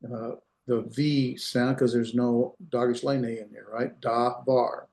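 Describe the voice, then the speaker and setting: A man's voice: medium pitch, little pitch movement, takes it slowly, creaky, a little mellow. A man giving a classroom lecture as a Hebrew instructor. He explains step by step, repeats examples and checks that students follow. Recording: roomy echo.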